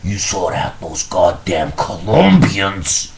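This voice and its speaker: A man's voice: sits low, slow. A man voicing a big, greedy, threatening mobster boss who repeats greetings and swears menacingly in an improvised comic monologue on a webcam.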